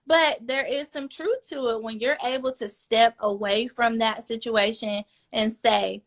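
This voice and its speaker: A woman speaking as a fertility coach in a casual podcast conversation, earnest and personal, growing animated when she quotes other people. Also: fairly high pitch, a little slow, few pauses.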